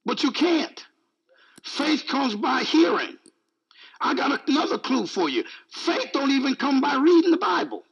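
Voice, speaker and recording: A man's voice: very high-pitched, big pitch swings, a little slow, creaky, fairly bright tone, highs cut off. A male preacher giving an emphatic, repetitive sermon, mixing in jokes.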